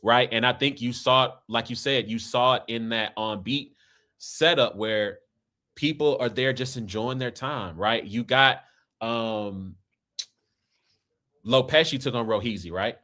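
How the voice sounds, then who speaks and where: This podcast host from Kansas City speaks with an American accent, and his voice is medium in pitch, bright, and forceful, a little on the slow side. He rambles loosely through a casual conversation, punctuating thoughts with "right?" and "man."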